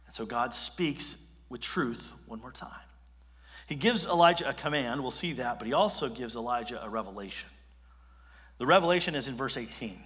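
A man's voice: mid-range voice, lively intonation, normal speed, a bit bright, long reverb tail. A male pastor preaching a sermon in a casual, conversational way, often restarting his phrases.

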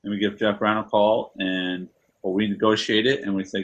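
A man's voice: on the low side, flat delivery, normal speed, lo-fi sound. A man in a casual business meeting, explaining an idea through example dialogue. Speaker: colleague.

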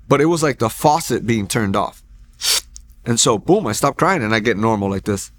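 A man's voice: mid-range voice, expressive, moderate pace, no room sound. A man in his forties sharing a personal faith testimony in a church, telling it in an earnest, rambling way with restarts and asides.

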